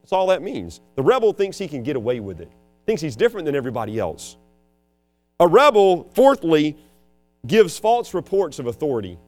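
Brief: male preacher, sermon, very animated pitch, slightly high, faint music behind. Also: fairly quick. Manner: dramatic, emphatic, swings between loud and hushed, acts out quotes. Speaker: preacher and school teacher.

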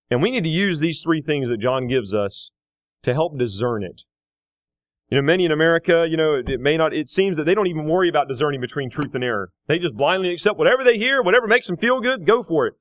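Emphatic preacher with a lively voice. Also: male voice, a little high, brisk, no room sound, studio quality. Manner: emphatic, rising to loud repeated questions. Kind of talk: sermon.

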